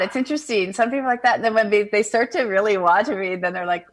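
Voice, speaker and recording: A woman hosting a spiritual call-in radio show, talking in an animated way and acting out the voices she quotes. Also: medium pitch, fast talker, hardly any pauses. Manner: animated, acts out quoted voices, laughs easily.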